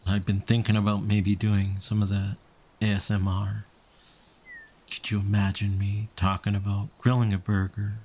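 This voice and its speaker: A man's voice: fairly low pitch, completely flat delivery, moderate pace, darkish tone, a little hiss or hum. A man in his fifties, a game streamer chatting casually with viewers in chat while he plays. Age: 50s. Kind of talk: casual live-stream chat over gameplay.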